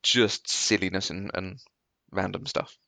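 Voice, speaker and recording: A podcast co-host in casual chat, speaking earnestly with soft laughs. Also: deep voice, steady tone, a little slow, vocal fry, no room sound.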